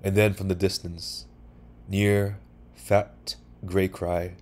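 A man reading a short story aloud for sleep, calm and measured. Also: deep voice. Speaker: narrator.

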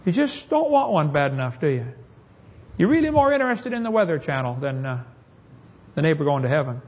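Husky-voiced Southern preacher, folksy. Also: male voice, on the high side, very animated, brisk, a little mellow. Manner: folksy, joking, storytelling. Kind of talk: sermon.

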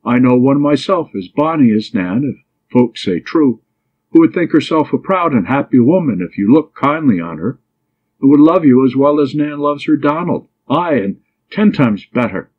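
A man's voice: medium pitch, expressive, moderate pace, voice pushed up, lightly acted. A man voicing a bold, teasing young woman in love, speaking pertly and pleadingly in an audiobook. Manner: pert, mischievous, pleading. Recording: dull lo-fi recording.

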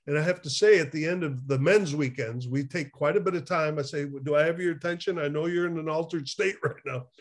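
A man talks through recovery work in a conversational interview, his voice sitting a little high for a man. He is animated and chuckles often, and he stops and restarts his sentences as he thinks aloud. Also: a little fast, hardly any pauses. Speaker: recovery therapist, guest.

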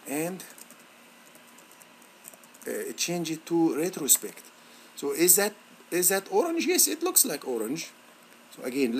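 A male instructor talking students through a software lab on screen, thinking aloud with repeated words and many fillers. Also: a little hiss or hum. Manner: lively, rising pitch on praise words. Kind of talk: screen-recorded software tutorial.

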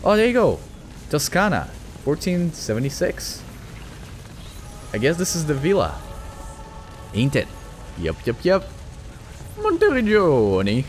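Profane excitable man with a Russian accent. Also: a little high, unhurried, long pauses, faint music behind. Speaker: gaming channel host. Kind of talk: let's-play commentary.

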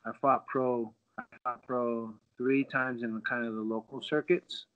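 A former pro fighter, guesting on a show, tells a fight story casually and with animation, acting out quotes amid lots of fillers. He speaks at a medium pitch and a measured pace, and the audio has a dull, lo-fi quality.

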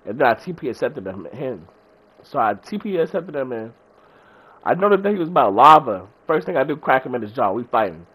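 A man who runs a gaming channel, excitedly retelling a match in casual slang. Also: mid-range voice, husky. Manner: slangy, excitable, fast-talking recap. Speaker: gaming YouTuber. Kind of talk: animated storytelling over gameplay.

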